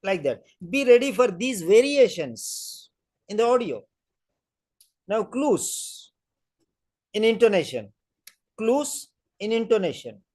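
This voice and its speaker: A man's voice: high voice, sing-song, slow pace, long pauses, darkish tone. A man teaching a listening-test class online, explaining each step and repeating key phrases over a video call. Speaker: English test tutor.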